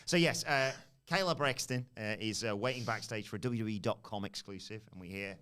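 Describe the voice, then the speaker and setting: A man's voice: lowish voice, brisk, few pauses, fairly bright tone, clean tone. A man co-hosting a podcast, recapping a show in a casual, giggly storytelling way. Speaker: podcast co-host.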